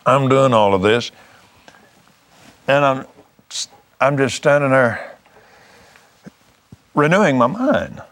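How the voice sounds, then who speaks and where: A man's voice: mid-range voice, big pitch swings, takes it slowly, pauses often, a bit bright. A man preaching, telling a testimony story in a fervent, folksy way, often restarting his words.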